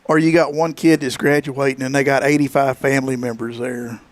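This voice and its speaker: Casting: man, talk show guest, relaxed wry storyteller, close dry sound. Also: mid-range voice, fairly quick, no room sound. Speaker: guest, funeral home director. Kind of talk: casual talk show chat.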